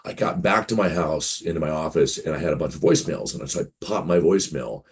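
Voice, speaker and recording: A very deep, husky voice moves fast here. The speaker, a game publisher in his fifties, tells rambling anecdotes as an interview guest, voicing the dialogue he quotes in a casual storytelling style.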